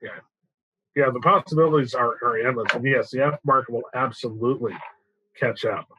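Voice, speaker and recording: A man in casual podcast chat, affable and joking, agreeing often with quick yeahs. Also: mid-range voice, sharp tone, low-quality recording.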